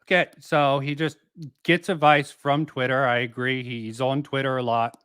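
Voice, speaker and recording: A man debating in a measured, hesitant way, often conceding a point before pushing back. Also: medium pitch, little pitch movement, fairly bright tone, clear, resonant tone, dry recording, clean studio sound. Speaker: channel host. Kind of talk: debate, casual discussion.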